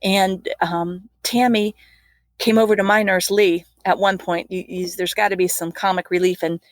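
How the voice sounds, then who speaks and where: A woman's voice: mid-range voice, fairly even intonation, normal speed, no echo. A middle-aged woman, a flight nurse, earnestly recounting a personal ordeal in an interview, with laughs and restarts.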